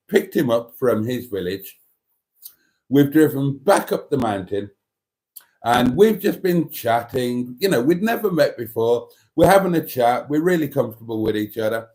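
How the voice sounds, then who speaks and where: Lively man hosting a livestream. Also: mid-range voice. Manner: reads viewer comments aloud, chatty and jokey. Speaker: livestream host. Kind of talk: casual livestream chat.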